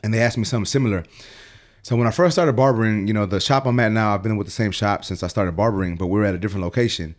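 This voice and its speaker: A man's voice: fairly low pitch, rapid-fire. A man who works as a barber, a guest on a podcast, telling stories in a loose, profane way with lots of "like". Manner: loose and profane, full of "like" fillers. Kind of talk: casual storytelling chat. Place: podcast studio.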